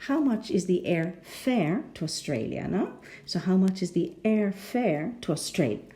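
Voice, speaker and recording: Woman, English teacher, rhotic English accent, mellow, very animated pitch, patient, checks understanding. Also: a little slow. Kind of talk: pronunciation lesson.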